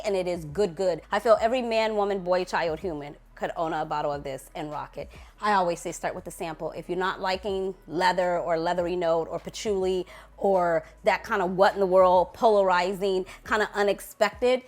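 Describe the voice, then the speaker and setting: A woman's voice: on the low side, moderate pace. A young woman reviewing perfumes in a casual vlog, gushing and playful, lingering over sensual words. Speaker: fragrance reviewer.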